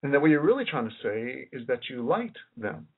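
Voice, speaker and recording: On a tinny lo-fi recording, a man gives a rambling presentation as an independent researcher, musing aloud and repeatedly restarting and repeating his phrases. His medium-pitched voice is sing-song, a little fast, and slightly rough.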